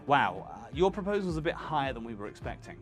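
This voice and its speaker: A man's voice: mid-range voice, big pitch swings, fast, close to an everyday voice. Guy doing a client type, kinda hesitant, pushing back on the price, faint music under it.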